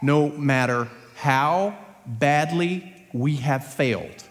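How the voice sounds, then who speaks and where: Earnest preacher with a ringing church echo. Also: male voice, fairly high pitch, slow. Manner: earnest, rising to emphatic peaks. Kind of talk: sermon. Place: church sanctuary. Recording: long church hall reverb.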